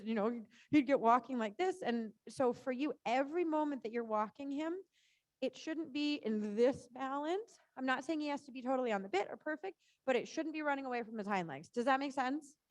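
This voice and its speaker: A woman with a high voice coaches a rider through a live lesson. She is chatty and encouraging, with a running stream of "good" and "right?". The sound is dry, with little room echo. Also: a little fast, darkish tone. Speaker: riding instructor.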